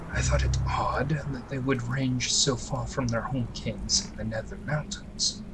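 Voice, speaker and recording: A man voicing a composed female ranger who speaks in a calm, measured, formal way, over game music. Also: mid-range voice, close to an everyday voice, poor audio.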